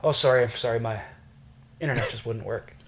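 Man, podcast co-host, mid pitch, dry wry remarks, casual. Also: brisk.

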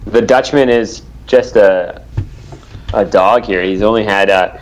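A man's voice: lowish voice, a little slow, lo-fi sound, a little hiss or hum. A man co-hosting a podcast in casual chat, rambling with many fillers. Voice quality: rambling filler-heavy delivery. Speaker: podcast co-host.

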